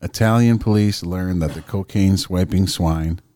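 A man's voice: sits low, a little slow, dark tone, no room sound. A man co-hosting a podcast in casual chat, swearing loosely, laughing a lot and reading news stories aloud. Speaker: podcast co-host.

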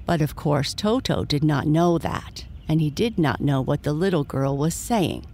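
A woman reading a bedtime story aloud, gentle and measured. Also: sits low, lively intonation, a little hiss or hum.

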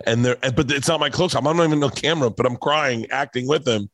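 A man's voice: medium pitch, quick pace, a bit bright, no echo. A middle-aged man telling stories in a casual podcast chat, rambling and swearing, getting choked up as he talks. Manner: rambling, profane, gets emotional and choked up. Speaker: comedian guest on a podcast.

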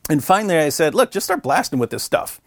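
A middle-aged man, a guest in an interview, telling a story in a relaxed, chatty way and briefly acting out the voices of people he quotes. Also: fairly high pitch, quick pace, dry recording, studio quality. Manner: animated, acts out quoted voices. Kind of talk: conversational storytelling.

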